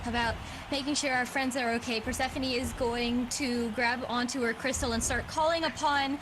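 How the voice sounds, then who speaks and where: A woman's voice: a little high, steady tone, normal speed. A woman playing a tabletop game, describing her character's magic in a descriptive, playful way. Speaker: player. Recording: clear background noise.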